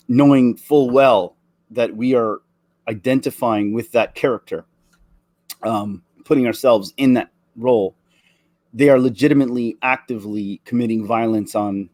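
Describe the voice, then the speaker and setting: A man's voice: mid-range voice, darkish tone, dry recording. Earnest man ranting, dry sound. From Canada. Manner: earnest, emotional, halting with many restarts. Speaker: vlogger. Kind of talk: impassioned opinion rant.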